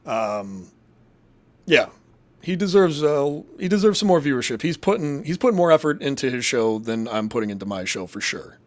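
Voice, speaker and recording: A man's voice: mid-range voice, big pitch swings, normal speed. A man from Massachusetts hosting a casual live show, reading chat and rambling in a crude, profane, jokey way.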